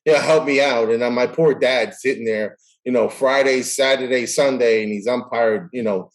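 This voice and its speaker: A man's voice: medium pitch, normal speed. Brief: middle-aged man, mid-range voice, chatty guest who acts out the people in his stories. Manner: animated storyteller acting out quoted dialogue. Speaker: guest, baseball umpire. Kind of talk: casual chat, storytelling.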